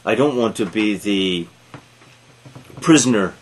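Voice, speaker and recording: A man reading out a stubborn storybook cat who prizes his freedom above all. The delivery is low-pitched and slow, firm and self-assured rather than strongly acted. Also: animated, a little hiss or hum. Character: proud independent male cat who walks alone.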